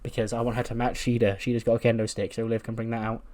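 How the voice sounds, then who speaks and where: A man narrating his wrestling management game run in a loose, chatty way. His pitch sits in an ordinary middle range. He keeps correcting himself and chuckles at his own jokes. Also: little pitch movement, fast, a little mellow. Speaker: game commentator. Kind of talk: casual narration of a wrestling sim playthrough.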